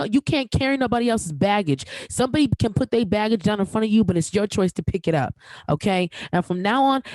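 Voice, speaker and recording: A woman's voice: medium pitch, darkish tone, no room sound, rough recording. Emphatic podcast host woman, dry close sound. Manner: emphatic, projecting, repeats herself, slangy. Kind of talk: solo podcast rant.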